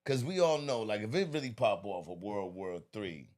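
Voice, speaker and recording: A man's voice: lowish voice, normal speed. A man, co-hosting a casual podcast chat and stating his opinions with conviction. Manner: opinionated, expressive. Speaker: podcast co-host.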